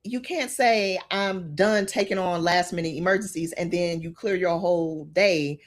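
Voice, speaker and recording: A woman's voice: fairly low pitch, normal speed. A middle-aged woman hosting a podcast, giving an earnest motivational talk and checking in with the listener often. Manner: earnest, repeats "okay?" to the listener. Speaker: podcast host.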